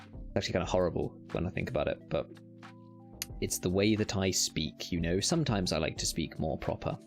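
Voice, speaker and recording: A British man with a low, gravelly voice talks loosely to his live-stream viewers while he plays. He is self-mocking and chatty, and he curses at the game when it goes wrong. Soft music plays quietly underneath. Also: a little fast. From United Kingdom. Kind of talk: casual live-stream chat while gaming.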